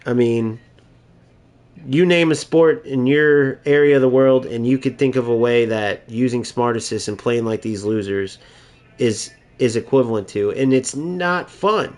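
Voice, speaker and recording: A man's voice: mid-range voice, measured pace, darkish tone. Exasperated man ranting about a game. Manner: exasperated, mocking rant. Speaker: gaming YouTuber. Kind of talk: ranting gameplay commentary.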